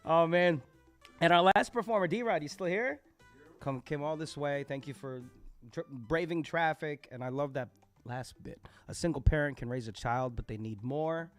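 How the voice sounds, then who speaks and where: Guy hosting a poetry open mic, kinda high voice, hypes up the poets and laughs a lot, faint music in the back. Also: moderate pace. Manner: animated, laughing, quoting performers with shouted bursts. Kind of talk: recapping poets' lines at a live open mic. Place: poetry cafe venue, live.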